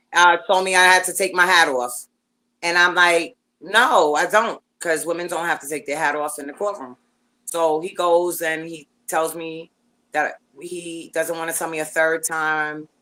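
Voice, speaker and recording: Bright-voiced woman telling a story. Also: low voice, moderate pace, poor audio. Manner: animated, rambling, lots of fillers and restarts. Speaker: guest. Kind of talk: casual storytelling chat.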